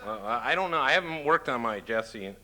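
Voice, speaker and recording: A Minnesota author gives a comic question-and-answer talk, joking dryly and halting often with "uh." His mid-range voice is animated, and the lecture-hall recording is noisy.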